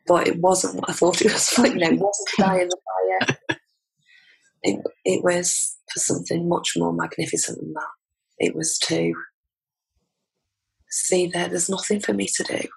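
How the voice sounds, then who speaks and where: A woman's voice: on the low side, fairly even intonation, moderate pace, gravelly, pauses often, husky, low-quality recording. A woman with an English accent, a podcast guest telling a personal story in a candid, heartfelt way. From England. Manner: candid, heartfelt, laughs between lines. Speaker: podcast guest, transformation coach.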